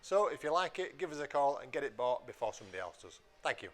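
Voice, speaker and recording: A man's voice: mid-range voice, sing-song, quick pace. A man from a motorbike dealership giving a friendly, direct sales outro about warranty and finance.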